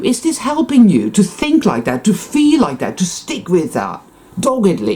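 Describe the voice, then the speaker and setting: A woman's voice: mid-range voice, wildly swooping pitch, normal speed, warm tone, slight background noise. A woman talking straight to her viewers in a rambling monologue, swearing often and sighing heavily between thoughts. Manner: profane, intense, sighing. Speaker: spiritual vlogger.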